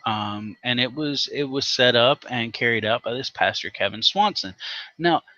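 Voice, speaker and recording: Bright-voiced man ranting profanely. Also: mid-range voice, normal speed, highs cut off. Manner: emphatic, profane, heated. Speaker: host. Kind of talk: profane opinion rant.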